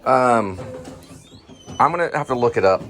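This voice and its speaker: A man's voice: mid-range voice, expressive, moderate pace, fairly bright tone, faint music behind. Rambling man chatting over dinner. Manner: rambling, searches for names, hums and chews. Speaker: co-host. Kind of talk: casual home chat over a meal.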